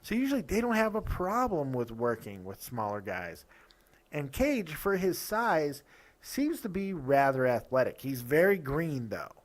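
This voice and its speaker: A man reviewing wrestling shows in a loose, opinionated way, his voice swinging widely up and down as he rants. He talks a little high for a man and keeps breaking off into quick asides and restarts. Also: sing-song. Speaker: host of a wrestling review show. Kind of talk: casual opinionated review talk.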